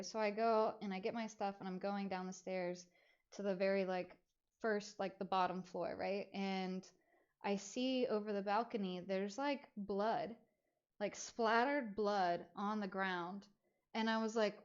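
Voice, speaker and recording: A woman streamer casually telling a long personal story, rambling with lots of fillers and an animated retelling. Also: mid-range voice, unhurried, highs cut off.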